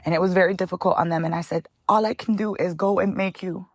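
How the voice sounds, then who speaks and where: Woman chef guest, lowish voice, tells emotional stories, says honey a lot. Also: fast, dry recording. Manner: lively, tells stories, calls the listener "honey", slips into Spanish phrases. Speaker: guest, chef and cookbook founder. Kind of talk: emotional personal storytelling.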